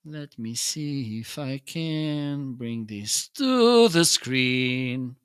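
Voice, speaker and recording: A man's voice: medium pitch, expressive, drawn-out words, clean tone. A man hosting a casual livestream, demoing his gear and searching for words as he goes. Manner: hums nonsense syllables while testing. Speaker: livestream host.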